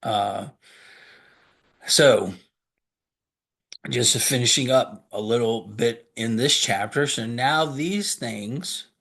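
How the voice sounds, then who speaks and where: Earnest pastor explaining scripture. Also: male voice, medium pitch, slow, creaky, long pauses, fairly bright tone, slightly rough. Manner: earnest, reads scripture aloud and stops to explain it; asks questions and answers them himself. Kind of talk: sermon.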